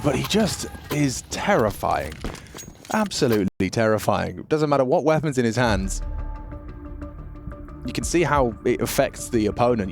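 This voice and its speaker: A man with a London accent giving excitable play-by-play commentary on a competitive shooter match. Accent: London English. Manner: excitable, jumps in pitch on big plays. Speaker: esports caster. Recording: game gunfire audible behind. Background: game sound effects, gunfire.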